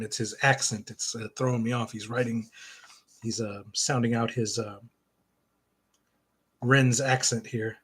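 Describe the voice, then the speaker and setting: A man's voice: mid-range voice, fairly even intonation, a little slow, pauses often, a bit bright, slightly rough. A middle-aged man casually chatting about a comic book, rambling and joking, with lots of fillers. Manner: rambling and joking, with frequent fillers, laughing at himself. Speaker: comic reviewer and host. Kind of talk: casual comic review chat.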